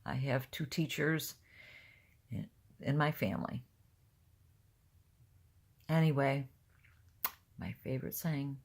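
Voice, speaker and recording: A woman's voice: very deep voice, slow pace, gravelly, long pauses. An older woman talking casually to camera, blunt and rambling, openly emotional. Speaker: vlogger.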